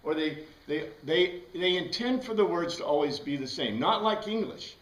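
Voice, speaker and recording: A man's voice: on the high side, expressive, moderate pace, a bit bright. A man teaching a Bible class in a casual, conversational lecture style, often checking in with the class by asking "right?". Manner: conversational, asks the class questions, frequent "right?". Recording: echoey room from a distance.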